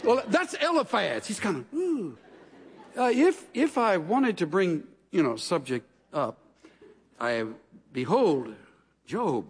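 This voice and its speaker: Animated middle-aged preacher in a hall. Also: male voice, high voice, unhurried, breathy edge. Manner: animated storyteller, acts out quotes with asides. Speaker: pastor. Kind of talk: conversational sermon. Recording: long reverb of a large hall.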